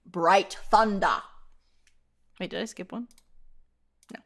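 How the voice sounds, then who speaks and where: A woman's voice: medium pitch, slow, pauses often. A woman VTuber streamer in playful live-stream roleplay chat, reading chat submissions aloud and laughing often.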